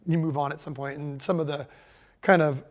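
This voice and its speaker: Rambling man with a higher voice. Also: steady tone, a little fast. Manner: loose and rambling, full of "like" and "you know". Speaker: guest musician. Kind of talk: casual conversation.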